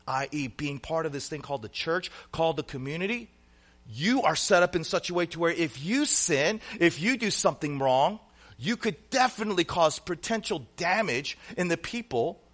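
Male pastor preaching, bit high voice, earnest, goes loud then drops real quiet, lots of rhetorical questions. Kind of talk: sermon.

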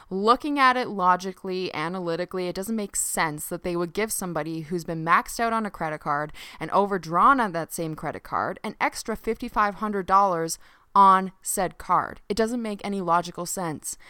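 Bright, crisp-voiced woman chatting casually. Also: medium pitch, dry recording, clean studio sound. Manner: chatty and animated, swears freely, lots of "like". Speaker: podcast host and coach. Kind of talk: casual solo podcast monologue.

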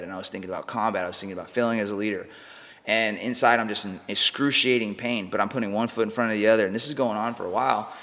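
A man's voice: on the low side, a bit bright. A man, a podcast guest, telling a personal story in a casual, slangy way, swearing freely and saying "bro" and "like" a lot. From United States. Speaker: podcast guest, mindset coach. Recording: long room reverb.

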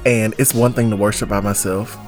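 A man's voice: fairly low pitch, fairly quick, soft background music. Worn-voiced man co-hosting a chat podcast. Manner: animated, breaks into singing and church exclamations. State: voice worn from singing all day. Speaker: podcast co-host. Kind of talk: casual chat.

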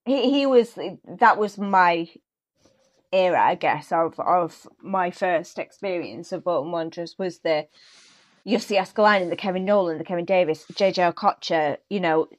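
Woman, lively storyteller, podcast guest on a remote call. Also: on the low side, normal speed. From England. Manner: lively, animated storytelling with laughs. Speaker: guest, actor and football fan. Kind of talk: casual podcast chat over a call.

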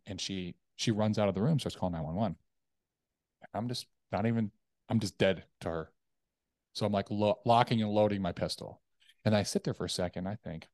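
Male guest, low voice, candid storyteller, dry close mic. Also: fairly quick, dry recording. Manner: candid, animated retelling with acted quotes. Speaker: podcast guest. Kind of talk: personal storytelling.

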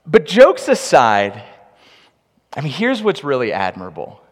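A man preaching a sermon with humorous, animated storytelling, recorded in a large hall with long reverb. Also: mid-range voice, unhurried, pauses often. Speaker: pastor.

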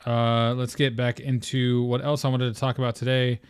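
A man's voice: mid-range voice, flat delivery, normal speed, clear, resonant tone, no room sound, studio quality. A man hosting a casual solo podcast, rambling with lots of "um" and "like" and swearing freely. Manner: rambling, profane, filler-heavy. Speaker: podcast host.

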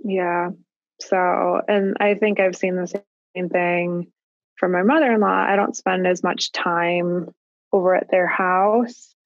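A woman in her thirties, a parent talking about her family in a casual conversation, thoughtful and halting, with frequent restarts. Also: fairly low pitch, steady tone, no room sound, highs cut off. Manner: reflective, halting with restarts and likes. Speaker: guest parent.

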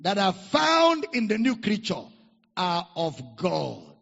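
A man's voice: sits high, huge pitch swings, slow, vocal fry, a bit bright. A man with a Nigerian accent preaching a sermon, leading the congregation in call-and-response repetition. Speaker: pastor. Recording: echoey hall, dull lo-fi sound.

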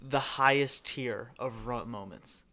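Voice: mid-range voice, slow, bright, forceful tone. A podcast co-host chatting casually, retelling favorite movie scenes with lots of giggling. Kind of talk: casual chat.

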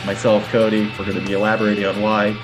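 A man's voice: lowish voice, completely flat delivery, fast, over music. A man co-hosting a casual podcast, laid-back and joking, chuckling between points. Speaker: podcast co-host.

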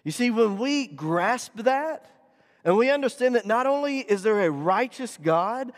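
A man preaching a sermon, animated and rising and falling for emphasis, in a church sanctuary. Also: extremely high pitch, measured pace. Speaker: pastor. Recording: long hall reverb.

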